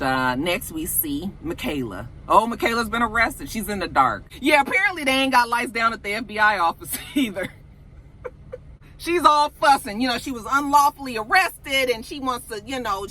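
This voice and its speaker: A woman reviewing a TV episode in a casual, profane, animated vlog, acting out the scenes as she recaps. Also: on the high side, a little fast, a little hiss or hum. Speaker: TV show reviewer.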